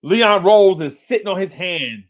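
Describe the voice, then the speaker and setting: A man hosts a sports talk livestream in a fairly high voice, ranting with exasperation. He repeats his complaints over and over and climbs into shouts. The audio is dull and lo-fi, like a home stream. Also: animated, measured pace. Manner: exasperated, repetitive, rising to shouts.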